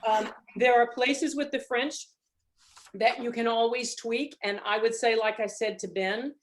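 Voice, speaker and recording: A woman's voice: a little high, steady tone, measured pace. A middle-aged woman coaching a student singer in a masterclass, encouraging and demonstrating phrases aloud over a video call. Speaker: voice teacher leading a masterclass.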